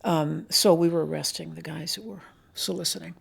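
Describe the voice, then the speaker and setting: An older woman with a deeply gravelly, creaky voice tells her stories slowly and thoughtfully, pausing to remember details. She speaks as a retired police commander looking back in an interview. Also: fairly even intonation. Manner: measured, reflective storytelling with pauses. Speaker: retired police assistant chief. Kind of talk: recounting memories in an interview.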